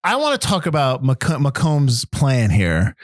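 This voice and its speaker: A man co-hosting a casual movie podcast, talking in an animated, mocking way and laughing often. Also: medium pitch, a little slow, no room sound, studio quality. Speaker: podcast co-host.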